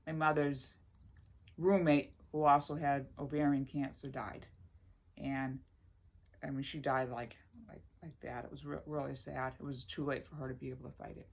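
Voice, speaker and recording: A woman's voice: a bass voice, level tone, moderate pace. A woman vlogging from her home in a rambling, chatty way, often laughing as she talks. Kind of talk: casual chat to camera.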